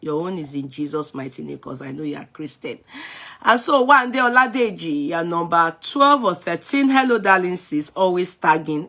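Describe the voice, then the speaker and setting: A woman's voice: low voice, normal speed, bright, forceful tone. A middle-aged Nigerian woman hosting a live stream, greeting viewers by name in a chatty way and slipping into Yoruba phrases. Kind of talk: casual live-stream chat.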